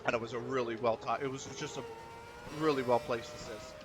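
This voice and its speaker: A man's voice: medium pitch, fairly even intonation, a little fast. A man streaming a racing game, telling rambling stories in a loose, chatty way. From United States. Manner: rambling, chatty storytelling with frequent laughs. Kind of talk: casual chat while gaming.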